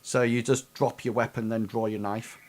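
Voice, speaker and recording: A man running a tabletop game as game master, describing combat with many pauses and restarts. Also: mid-range voice, level tone, crowd noise. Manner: hesitant, full of ums and restarts.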